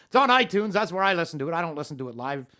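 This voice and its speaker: A man's voice: on the high side, very animated, fast, sharp tone. A man hosting a podcast, ranting in a worked-up monologue with heavy swearing. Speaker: podcast host.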